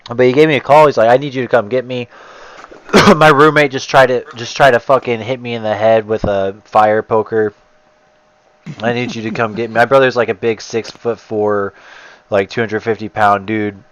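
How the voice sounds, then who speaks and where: A man's voice: medium pitch, level tone, moderate pace, fairly bright tone, dry recording, rough recording. A man chatting casually, rambling with lots of "like" and swearing easily. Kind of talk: casual chat.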